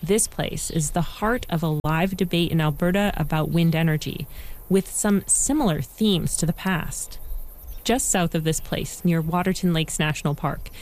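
A woman reporter giving a measured, scripted narration for a news feature. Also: deep voice, darkish tone. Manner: measured, explanatory.

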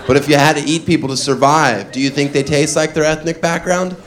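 A man doing a stand-up comedy set on a club stage, deadpan and self-amused, often laughing at his own jokes. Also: a little high, fairly quick. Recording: live club recording with background noise.

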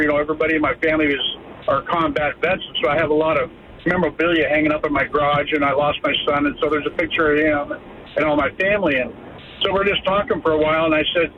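A man in his fifties calling in to a radio show, telling a heartfelt story in a rambling way. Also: fairly high pitch. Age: 50s. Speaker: caller. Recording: tinny phone line with noise.

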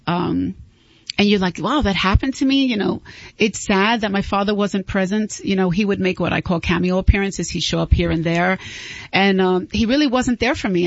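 A woman's voice: mid-range voice, no echo, highs cut off. A woman guest speaking earnestly and candidly in an interview, often restarting her sentences. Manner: earnest, heartfelt, frequent restarts. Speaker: guest author.

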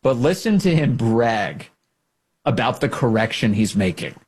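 Husky-voiced man, mocking commentary. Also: medium pitch, very animated, measured pace, a little mellow. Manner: sarcastic, mocking. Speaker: show host. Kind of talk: political commentary monologue.

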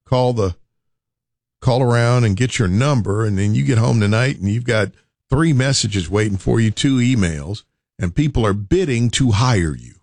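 A man's voice: medium pitch, expressive, normal speed, darkish tone, dry recording. Brief: male talk host, playful storytelling, dry voice. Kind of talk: casual talk show chat.

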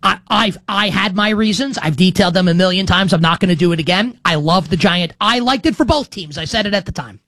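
Hosting a sports betting show, a thirty-something man rambles through a casual monologue, constantly restarting, going off on asides and saying "like". He talks briskly with hardly any pauses, in a pushed, bright, high-sitting voice on a dry recording.

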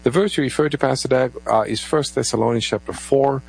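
A man's voice: medium pitch, brisk, vocal fry, breathy edge, poor audio. A man co-hosting a live call-in Bible radio show, introducing callers and reading out phone numbers in a lilting way. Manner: lively, lilting delivery, takes calls and gives phone numbers.

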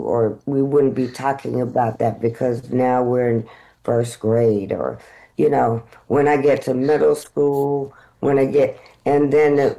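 Animated American woman telling stories. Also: extremely low pitch, rough recording. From United States. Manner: animated, acts out dialogue in her stories. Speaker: guest, actor. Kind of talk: conversational interview storytelling.

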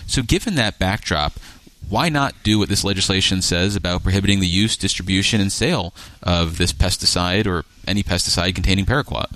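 Low-voiced male interviewer. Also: a bit bright, no room sound. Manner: probing, challenging questions. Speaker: radio interviewer. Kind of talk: news interview.

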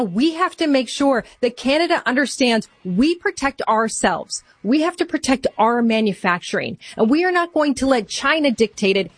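Woman talk-radio host, urgent commentator, higher voice, dry studio sound. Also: no room sound. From Michigan. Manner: urgent, emphatic, repeats for effect.

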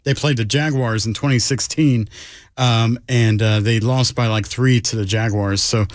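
A man's voice: mid-range voice, steady tone, normal speed, no echo, studio quality. A man co-hosting a casual sports podcast, easygoing and a bit rambling.

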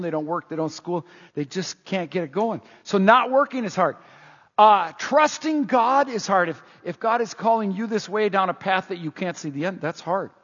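An older pastor preaches in a high, husky voice. He talks in a folksy, conversational way and leans on emphatic repetition. His voice is recorded dull and lo-fi, with long reverb from a church hall. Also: a bit bright. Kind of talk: sermon. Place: church sanctuary.

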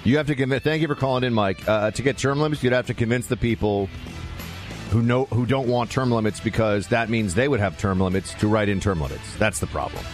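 A man's voice: medium pitch, a little fast, faint music behind. A man hosting a talk radio show, chatting casually with callers and hesitating often. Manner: relaxed, with frequent "uh" hesitations.

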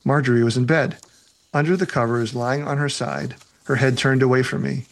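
A man who writes novels reads aloud from his book and answers reader questions in a relaxed way, laughing often. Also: mid-range voice, normal speed, creaky. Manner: relaxed, laughs often, uses fillers such as "you know".

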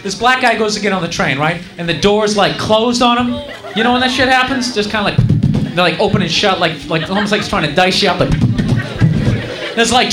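A man performing live stand-up comedy on a club stage, telling a story in an animated way and acting out the people in it. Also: high-pitched. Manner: animated storytelling, acts out characters, crowd laughing. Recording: roomy live club recording with crowd.

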